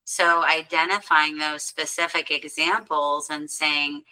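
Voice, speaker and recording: Woman talking mental health workshops, really bright forceful tone, earnest and explain-y. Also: low-pitched, flat delivery, a little slow, poor audio. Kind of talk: conversational interview.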